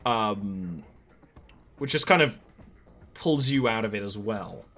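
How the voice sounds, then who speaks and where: A man's voice: lowish voice, expressive, slow, a bit bright, faint music behind. A man running a tabletop game as game master, describing scenes in a rambling way with many fillers.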